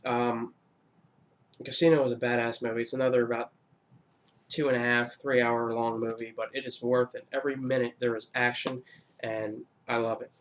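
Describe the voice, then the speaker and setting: A man in a middle pitch, chatting loosely through a countdown for his channel. He rambles with fillers and restarts and swears freely. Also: level tone, moderate pace, a bit bright, slight background noise. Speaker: YouTuber. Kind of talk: casual movie countdown.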